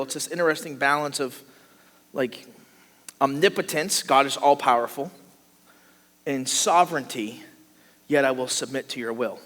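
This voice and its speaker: A man preaching a sermon as a pastor, animated, acting out the voices of the people he describes. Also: mid-range voice, normal speed, pauses often. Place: church sanctuary. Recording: long hall reverb.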